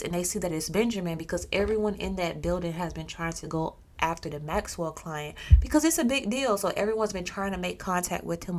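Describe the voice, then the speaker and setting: A woman telling a story in a casual, chatty way with personal asides. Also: on the low side.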